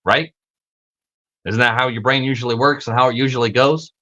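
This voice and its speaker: Man, podcast host, bright voice, animated, swears a lot, repeats words, casual monologue. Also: a little fast. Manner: acts out quoted voices with big pitch jumps.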